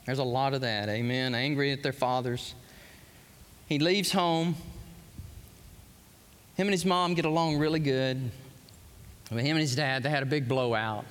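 A pastor preaches a live sermon to a congregation in a church hall, his medium-pitched voice impassioned and repeating words as he gets worked up. His intonation stays fairly even at normal speed, broken by long pauses, and the large hall adds long reverb.

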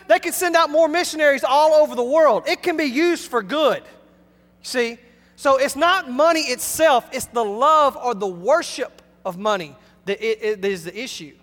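High-voiced pastor preaching in a reverberant hall. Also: male voice. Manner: emphatic, preacherly, swings between loud and hushed. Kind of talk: sermon. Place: church sanctuary.

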